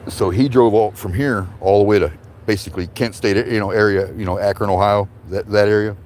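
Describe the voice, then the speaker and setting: A man's voice: lowish voice, steady tone, a little fast, a little mellow. A man telling a long casual story, rambling and profane, chuckling between lines. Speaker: vlogger.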